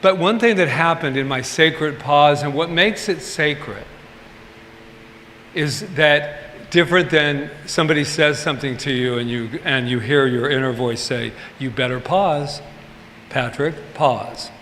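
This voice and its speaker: A man's voice: a little high, a little slow, fairly bright tone. A male pastor giving an informal sermon in a chatty, candid way with humorous asides, recorded in a church sanctuary. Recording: reverberant hall, faint ambient noise.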